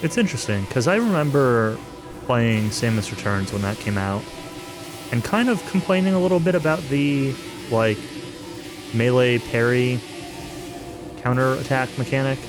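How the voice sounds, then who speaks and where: A man streaming a casual playthrough, talking through his thoughts with lots of fillers and hedges, and now and then dry sarcasm. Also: medium pitch. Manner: rambling and hedging, with frequent fillers; dry, self-aware sarcasm. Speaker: let's-play streamer. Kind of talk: casual gameplay commentary. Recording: game music playing behind the voice.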